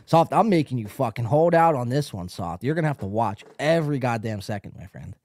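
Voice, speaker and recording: A man's voice: mid-range voice, expressive, brisk, hardly any pauses, darkish tone, no echo, clean studio sound. A man hosting a live podcast, talking casually and profanely as he rambles and reads chat comments aloud. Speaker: podcast host.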